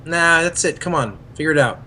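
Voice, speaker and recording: Male co-host, a touch high-pitched, deadpan and wry in casual talk. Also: fairly quick, crowd noise. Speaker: podcast co-host. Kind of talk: casual chat.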